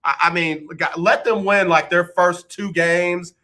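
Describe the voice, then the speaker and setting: A man hosts a live radio show, chatting about sports in a bright, forward voice pitched a little high. He teases callers and listeners directly and keeps it loose and playful. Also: fairly even intonation, a little slow. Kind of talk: casual sports radio talk.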